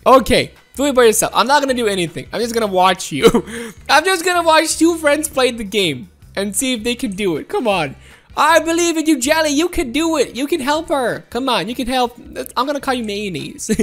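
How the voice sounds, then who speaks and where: A woman's voice: on the high side, fairly bright tone. A woman giving casual gameplay commentary, playful and coaxing her teammates, often laughing. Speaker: gaming commentator.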